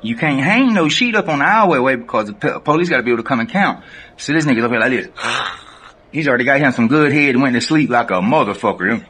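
A man with a Southern American accent, casually telling a profane, animated prison story straight to the camera and laughing often. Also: mid-range voice, slightly rough.

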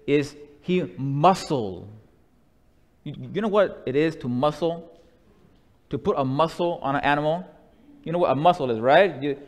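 Male pastor, unhurried sermon cadence, falls to quiet hushes, echoing sanctuary sound. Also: a little high. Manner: slow, deliberate preaching that drops to a soft hush. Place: church sanctuary. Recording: long church reverb.

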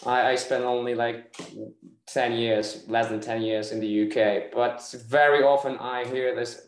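A Polish man speaking English with a Polish accent, pausing often to search for his words. His voice sits in a middle pitch, and the room around him sounds echoey over the video call. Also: level tone. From Poland. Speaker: actor asking a question.

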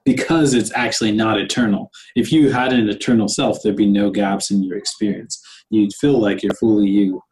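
A man's voice: on the low side, steady tone, moderate pace, hardly any pauses, a little mellow, rough recording. A man co-hosting a podcast, talking reflectively in casual conversation and often answering with "right". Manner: reflective, with frequent "right" backchannels and laughter. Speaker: podcast co-host.

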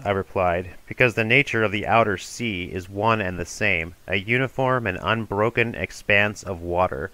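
A man with a lowish voice and a bright, forceful tone reads an ancient dialogue aloud. His delivery is measured and formal, and he slows down for the verse passages. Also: poor audio. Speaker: reader of a classical dialogue. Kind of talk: audiobook reading of an ancient dialogue.

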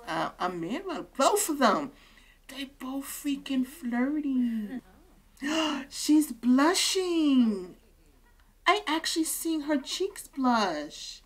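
Excitable woman gushing over a life-sim game. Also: medium pitch. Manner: excitable, gushing, laughs often. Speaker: gaming creator. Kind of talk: let's play commentary.

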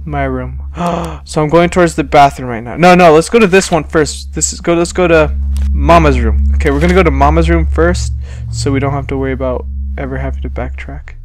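Male let's-play host, slightly high voice, jumpy horror-game commentary with gasps and outbursts. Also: fairly quick, a little hiss or hum. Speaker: gaming channel host.

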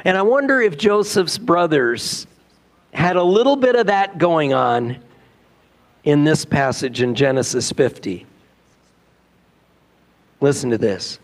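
A man's voice: on the high side, animated, slow pace, pauses often. A male pastor preaching a sermon in a church, telling a story in a conversational way with rhetorical questions. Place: church sanctuary.

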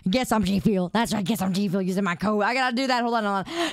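A woman's voice: mid-range voice, quick pace, over music. A woman streamer chatting casually and playfully with her live chat, greeting viewers by name in a sing-song way.

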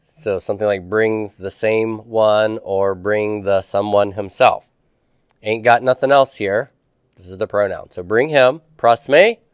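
A man's voice: fairly low pitch, unhurried, clear, resonant tone, no room sound, clean studio sound. A man reviewing homework with a class, asking students questions and explaining Greek grammar patiently. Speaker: Greek teacher.

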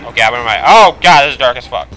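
A man playing a horror video game, commentating with panicky swearing, switching between yelling and muttering. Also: mid-range voice, lively intonation, fast. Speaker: gaming video host.

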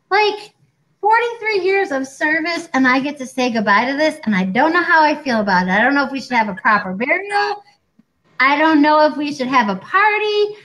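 High-voiced gal in her 40s, chatty and animated, casual co-host talk. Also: fairly quick, low-quality recording. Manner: chatty and animated, acting out quoted doctors. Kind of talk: casual chat.

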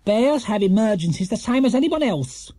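Stern, brisk storybook housekeeper, a male reader putting her on: high, bossy, husky. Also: sing-song, warm tone, dry recording, exaggerated voice.

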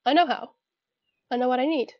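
A woman's voice: high voice, a little fast, no room sound, muffled recording. Giggly Irish woman playing a game. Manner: chatty, giggly, talks to herself. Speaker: gamer. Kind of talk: casual gameplay commentary.

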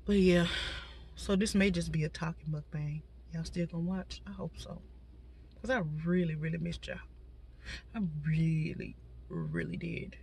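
A woman's voice: lowish voice, fairly even intonation, a little slow, vocal fry, a little mellow, husky. A woman vlogger chatting casually to her viewers from inside a parked car. Her voice is slightly stuffy from a cold, and she talks straight to the audience with lots of asides. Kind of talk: casual talking mukbang chat.

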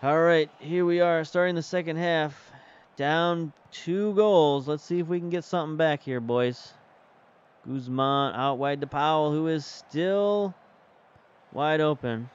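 Male game streamer, casual play-by-play while thinking aloud, fairly high and smooth voice, slightly dull lo-fi recording. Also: measured pace. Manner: chatty, thinks aloud while managing the match. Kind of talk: casual commentary while playing.

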